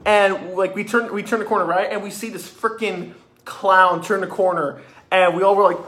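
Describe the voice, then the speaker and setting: A man excitedly retelling a haunted attraction visit in a casual, swearing review with many restarts. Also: sits high, moderate pace.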